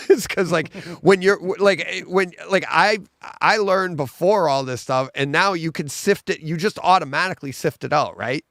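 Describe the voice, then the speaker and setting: A man with a gravelly, mid-pitched voice co-hosts a relaxed chat show. He laughs easily and gets animated when something excites him. The sound is dry and close. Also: moderate pace, no echo. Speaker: podcast co-host. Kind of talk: casual chat.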